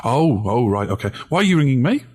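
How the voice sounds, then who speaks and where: A man's voice: mid-range voice, big pitch swings, brisk, darkish tone, pitched below the performer's own voice. A man voicing a flustered middle-aged man who takes a phone call about the lottery.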